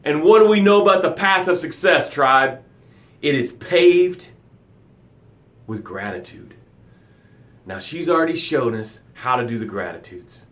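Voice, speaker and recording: A middle-aged man hosting a motivational live broadcast, reading viewer comments aloud and swinging between loud, dramatic pushes and soft, quiet lows. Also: big pitch swings, normal speed.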